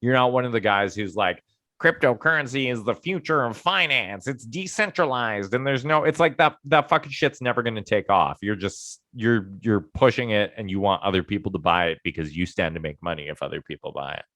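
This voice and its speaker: A man co-hosting a podcast, joking around, laughing and swearing in relaxed chat. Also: fairly low pitch, brisk, dry recording, clean studio sound. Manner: joking, profane, laughs often. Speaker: podcast co-host.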